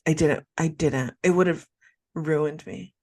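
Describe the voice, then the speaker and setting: Woman podcast host telling a wild story, dramatic, kinda low voice. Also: unhurried, a little mellow. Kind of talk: casual chat, storytelling.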